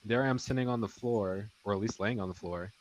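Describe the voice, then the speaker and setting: A man's voice: fairly low pitch, brisk, low-quality recording. A man telling a story in casual chat, rambling with many restarts. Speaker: podcast guest.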